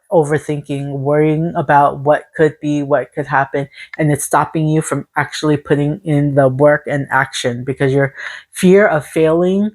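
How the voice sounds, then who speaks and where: A woman's voice: sits low, a little mellow. A woman giving a casual spiritual tarot reading to her viewers. She sounds encouraging and speaks in long, repetitive lists. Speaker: tarot reader.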